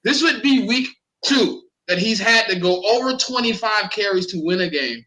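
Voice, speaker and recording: Philly guy with a bright, punchy voice, kinda high, ranting about football and cussing a lot. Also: moderate pace, poor audio. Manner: animated, profane, repeats words when heated. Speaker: co-host. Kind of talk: casual sports talk.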